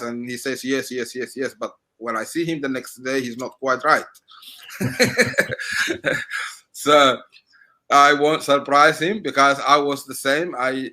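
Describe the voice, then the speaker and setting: A man in his forties with a Somali accent, an interview guest giving reflective advice, often halting and repeating words as he searches for his phrasing. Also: medium pitch, sharp tone.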